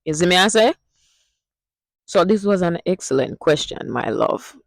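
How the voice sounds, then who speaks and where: A woman's voice: lowish voice, lively intonation, moderate pace, dry recording, rough recording. A woman from Jamaica with a Jamaican accent, explaining things to her viewers in a casual vlog, emphatic and affectionate, often asking them questions. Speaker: vlogger teaching Jamaican patois.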